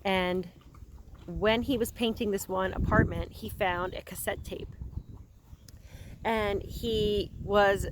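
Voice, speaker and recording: Woman vlogger, chatty, coos at animals, outdoors on a farm, faint background noise. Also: mid-range voice. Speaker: horse owner and vlogger. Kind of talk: casual vlog chat.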